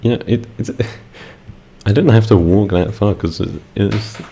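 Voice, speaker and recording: A man's voice: fairly low pitch, a little slow, gravelly, dark tone, breathy edge. A young British man chatting casually with his live-stream audience, laid-back and giggly, rambling with fillers. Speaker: ASMR streamer.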